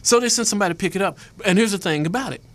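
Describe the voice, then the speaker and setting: A man who is a guest photojournalist on a talk show, telling a story in an animated way and acting out the people in it. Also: high-pitched, rapid-fire. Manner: lively, acts out the people in his story.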